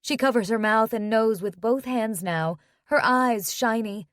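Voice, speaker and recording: A woman's voice: fairly high pitch, normal speed, no echo. Woman narrating a romance audiobook, dry. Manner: intimate, conversational inner monologue.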